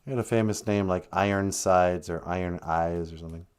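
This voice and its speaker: A man's voice: deep voice, fairly even intonation, brisk, clean tone. A man hosting a comedic livestream, chatting in a joking, playful way. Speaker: host.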